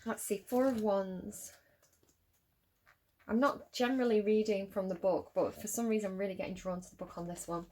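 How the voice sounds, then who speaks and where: A woman's voice: medium pitch, moderate pace, warm tone. A woman giving a casual tarot reading to her viewers, chatty and laughing often as she talks straight to them. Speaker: tarot reader.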